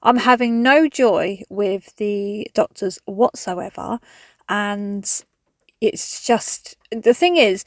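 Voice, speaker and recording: A cleaning vlogger in her thirties from England talks through clearing out her cupboards, chatting frankly and swearing casually in an English accent. Her medium-pitched voice moves slowly, captured with clean studio sound and no echo.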